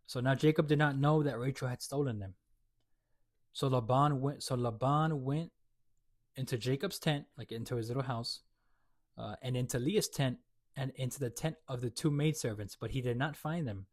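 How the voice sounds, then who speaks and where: A man's voice: mid-range voice, normal speed, no echo. A man reading Bible verses aloud and then retelling them in loose, slangy everyday words, with many fillers and restarts. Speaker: host explaining a Bible chapter. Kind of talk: casual Bible reading with commentary.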